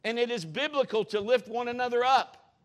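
A middle-aged man preaching a humorous sermon in a church, animated and jokey, laughing often and swinging between loud and soft. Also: extremely high pitch, a little fast. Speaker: pastor.

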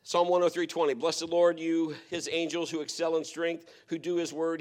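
A middle-aged man preaching a sermon, telling stories and swinging between hushed, quiet passages and loud, emphatic exhortation. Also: fairly high pitch, little pitch movement, normal speed. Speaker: pastor.

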